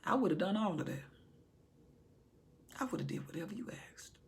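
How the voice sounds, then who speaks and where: A woman voicing God as a soft-spoken, affectionate deity in a hushed voice. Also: medium pitch, expressive, fairly quick, natural voice. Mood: tender. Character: God, tender and fond deity.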